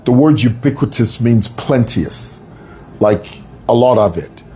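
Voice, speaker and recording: A man's voice: medium pitch, lively intonation, measured pace, darkish tone, slight background noise. A man hosting a live online show, talking in a chatty, playful, rambling way. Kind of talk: live-stream commentary. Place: city workplace.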